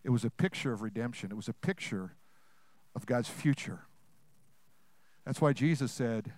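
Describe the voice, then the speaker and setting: A man preaching a sermon to a congregation, asking them questions and swinging between loud, fast bursts and hushed, slow lines. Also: medium pitch, expressive, no echo.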